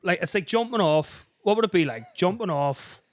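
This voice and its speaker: A man's voice: high-pitched, animated, normal speed, dry recording. Chatty man, dry close sound. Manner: chatty, eager, prompting stories. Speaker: podcast co-host. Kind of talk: casual chat.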